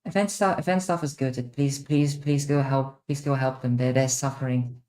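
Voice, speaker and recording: A woman's voice: rumbling low, steady tone, moderate pace, dark tone. A young woman streamer hosting a casual Q&A, rambling and repeating herself with many fillers. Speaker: streamer host. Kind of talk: casual livestream Q&A.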